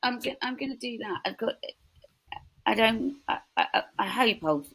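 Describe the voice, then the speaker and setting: A woman in her forties, a podcast guest chatting casually, telling lively stories. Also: on the high side, normal speed, breathy edge, low-quality recording. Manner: chatty, animated storytelling with quoted voices. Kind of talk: casual chat.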